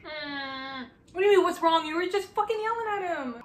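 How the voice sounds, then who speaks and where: A young woman hosting a casual reaction video, excitable and gushing, swearing freely and breaking into squeals. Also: very high-pitched, a little fast, soft background music. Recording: echoey room with faint noise.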